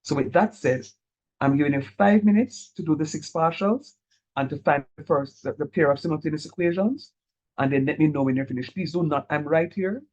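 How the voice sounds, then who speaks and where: Male math lecturer, husky, slightly high voice, patient and encouraging. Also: a little mellow, dull audio. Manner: encouraging, repeats key points slowly. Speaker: calculus lecturer.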